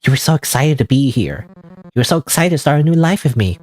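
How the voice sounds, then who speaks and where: A man's voice: mid-range voice, lively intonation, fast talker, darkish tone, voice pushed up, lightly acted. A man voicing a clingy young woman who pleads with her girlfriend in a whiny voice while reading a game aloud. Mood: pleading.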